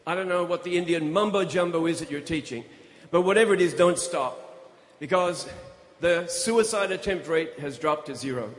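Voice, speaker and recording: A man's voice: fairly high pitch, normal speed, hardly any pauses, long reverb tail, natural voice. A man voicing a prison governor who speaks in a formal, earnest way. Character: grateful middle-aged male prison governor.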